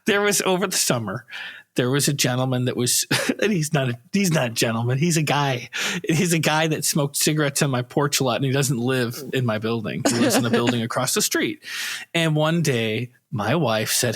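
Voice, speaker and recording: A man's voice: on the high side, expressive, a little fast, a bit bright. Rambling man telling a story with laughs. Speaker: podcast co-host. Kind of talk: casual storytelling.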